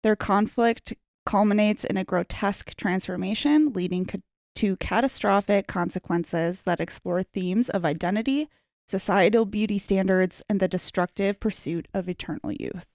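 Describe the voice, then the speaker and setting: A woman's voice: medium pitch, moderate pace, darkish tone, no room sound, clean studio sound. A woman co-hosting a casual podcast, laughing often and swearing, reading out a plot summary. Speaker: podcast co-host.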